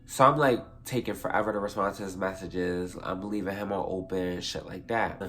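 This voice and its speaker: A man's voice: low-pitched, steady tone, normal speed, fairly bright tone. Young man telling a rambling story. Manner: rambling, profane, self-correcting. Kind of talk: casual storytime vlog.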